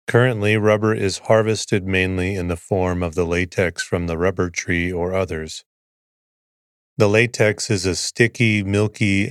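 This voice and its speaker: A man hosting a sleep podcast, reading an article aloud in a soothing, even way to bore listeners to sleep. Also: low voice, dry recording, studio quality. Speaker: podcast host.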